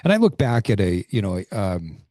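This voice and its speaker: A man in his forties who hosts a podcast, talking in a reflective, animated way with frequent restarts and fillers. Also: fairly low pitch, moderate pace, no room sound, studio quality. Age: 40s. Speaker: podcast host. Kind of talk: casual interview conversation.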